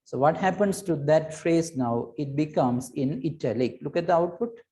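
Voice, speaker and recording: A man's voice: a little high, normal speed, warm tone. A man teaching a recorded computer lesson, explaining patiently and repeating himself, often checking in with "right?" and "okay.".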